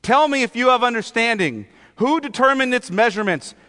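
Man putting on God, stern male divine voice, sarcastic, booming rhetorical questions, slow and emphatic, long church echo. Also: lively intonation, sharp tone, heavily acted.

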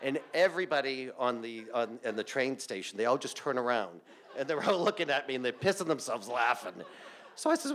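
A man telling a comic story on a theater stage to a live audience, salty and animated, laughing through his lines. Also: mid-range voice, normal speed.

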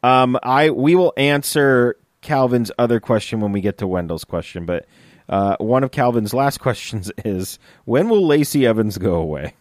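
A relaxed young man chats casually as a podcast co-host. He reads listener questions aloud and answers them in an easygoing way. His voice sits at a middle pitch, and the recording is dry and close with no room sound. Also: normal speed, no echo. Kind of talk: casual chat.

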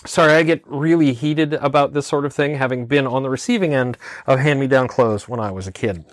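Speaking fairly quickly at a medium pitch, a male podcast co-host keeps things casual. The recording has no echo, and his easygoing delivery is hesitant and packed with fillers.

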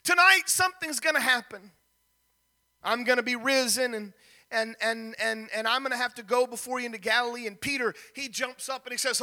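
A man preaching a sermon, retelling a story with animated delivery and acting out the characters' lines. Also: very high voice, normal speed. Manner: animated, acts out the characters' lines, repeats words.

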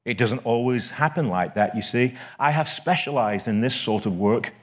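Man reading as a bright spirit, gentle, patient, calm, coaxing. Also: medium pitch, normal speed, slightly rough, close to an everyday voice.

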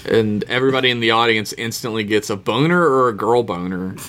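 A man co-hosting a podcast in casual, profane chat. He swears freely and acts out characters in quick asides while recapping. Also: lowish voice, fairly bright tone, a little hiss or hum. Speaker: podcast co-host recapping episodes.

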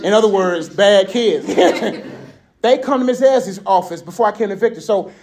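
A man giving a casual sermon, telling stories in an animated, conversational way and laughing often. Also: sits high, moderate pace. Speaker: speaker.

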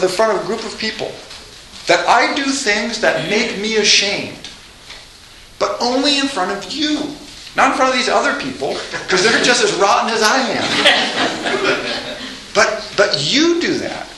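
Animated high-voiced male lecturer. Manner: animated, acts out quoted dialogue with laughs. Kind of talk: classroom lecture. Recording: echoey room with faint noise.

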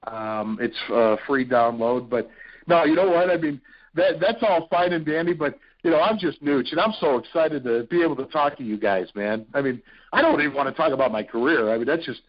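A man from Ohio, a radio personality, telling stories as a podcast guest in an animated, excitable way. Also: a little high, a little fast. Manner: animated, excitable storyteller with frequent fillers. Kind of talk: casual storytelling interview. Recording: dull lo-fi podcast audio.

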